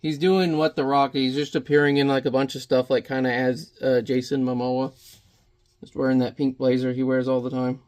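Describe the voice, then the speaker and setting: A man's voice: medium pitch, little pitch movement, moderate pace, darkish tone. A man chatting casually while he paints in watercolor, rambling and muttering to himself as he works.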